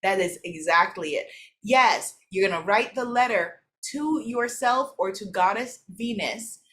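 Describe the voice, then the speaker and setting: Woman running a spiritual workshop, affirming and upbeat, mid-pitched voice, laughs a lot. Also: animated, unhurried, a bit bright, a little hiss or hum. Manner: affirming, repeats gratitude phrases, reads participants' comments; laughs easily. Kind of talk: live spiritual workshop teaching.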